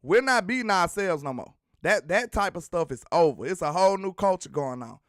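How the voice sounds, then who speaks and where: A man's voice: high voice, fairly quick, no room sound, studio quality. A man hosting a sports talk show, chatting casually and teasing viewers as he reads out their comments. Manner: animated, slangy, teasing the chat.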